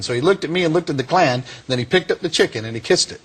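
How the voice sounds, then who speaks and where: A man's voice: fairly high pitch, fast, very noisy. Folksy man telling a story. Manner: folksy, animated, drawling storyteller. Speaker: former Klansman turned preacher. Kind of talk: storytelling testimony to an audience.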